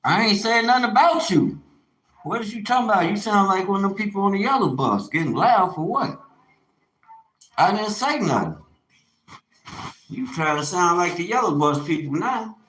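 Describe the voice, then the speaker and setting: A man chatting on a live stream in an animated, preachy, joking way, laughing often. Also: high-pitched, moderate pace, long pauses, low-quality recording. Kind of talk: casual live-stream chat.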